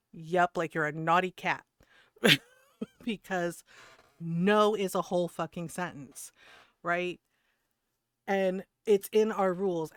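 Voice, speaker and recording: A woman's voice: on the low side, a bit bright, clean tone, no echo, clean studio sound. A middle-aged woman streaming a game, chatting casually in a blunt, swearing manner and laughing often.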